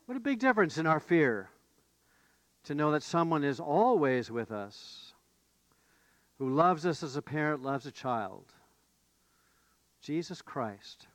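A man's voice: a little high, animated, a little slow, long pauses, fairly bright tone, no room sound. A man preaching a sermon as pastor, telling stories and building to emphatic questions. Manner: storytelling, rising to emphatic questions.

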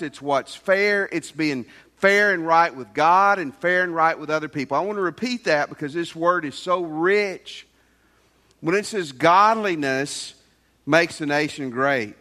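A middle-aged pastor preaches with a high voice that swings widely in pitch, hammering his points through repetition. His sermon rings with the long reverb of a large hall. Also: a bit bright. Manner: preaching with emphatic repetition and rising emphasis.

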